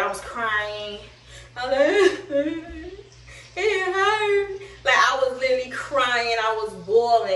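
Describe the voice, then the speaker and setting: A woman's voice: fairly high pitch, fairly bright tone. A young woman vlogging in a candid, slangy, chatty way, a little out of breath. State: slightly out of breath. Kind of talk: casual vlog storytelling. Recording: echoey room, distant mic.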